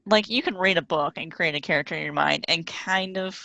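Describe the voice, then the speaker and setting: Woman, podcast co-host, low voice, gravelly, dry close sound, thoughtful. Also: brisk, sharp tone, no room sound. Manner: thoughtful, laughs often. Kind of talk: casual chat about a comic.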